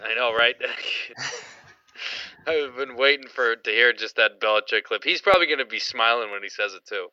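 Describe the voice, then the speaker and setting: A man's voice: mid-range voice, normal speed, sharp tone, no room sound. A man co-hosting a sports podcast in easygoing chat, often hedging with "I mean". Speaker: podcast co-host. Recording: dry, dull lo-fi podcast audio.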